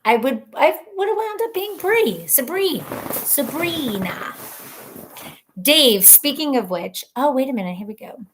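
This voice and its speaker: A woman hosting a casual live stream, reading viewer comments aloud in a chatty, rambling way, laughing often and thinking out loud. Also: high-pitched, sing-song, moderate pace, few pauses, noisy background. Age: adult mother of children.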